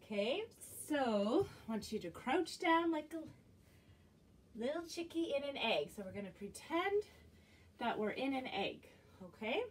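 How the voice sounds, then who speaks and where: A woman's voice: sits high, sing-song, measured pace, breathy edge. A woman librarian leading children's music and movement, singing action songs in a sing-song, encouraging way. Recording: voice distant from the mic.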